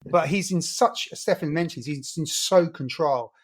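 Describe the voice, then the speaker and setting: A man's voice: a little high, normal speed, breathy edge. A man co-hosting a casual football podcast, telling stories with enthusiasm. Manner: enthusiastic, storytelling. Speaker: podcast co-host.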